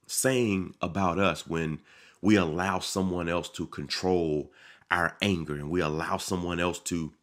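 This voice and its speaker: A low-voiced man delivers a sermon on his podcast, preaching with animated swings and acting out the voices he quotes.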